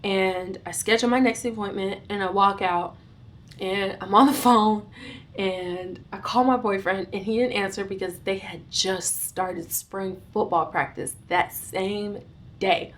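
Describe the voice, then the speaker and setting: A young adult woman vlogger telling a storytime, recounting events in an animated, dramatic way with bursts of giggling. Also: mid-range voice, unhurried, a little hiss or hum. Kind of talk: storytime vlog.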